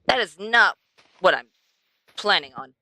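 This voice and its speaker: A woman's voice: medium pitch, very animated, unhurried, sharp tone, no room sound. A young woman streaming a game, chatting to herself and to the animals she passes as she plays. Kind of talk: casual gameplay commentary.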